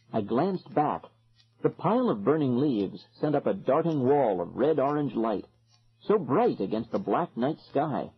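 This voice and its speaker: A man narrates a horror audiobook in the first person, with a husky, breathy voice and a lively, swinging delivery. The audio is dull and lo-fi, like an older recording. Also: medium pitch. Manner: dramatic, expressive.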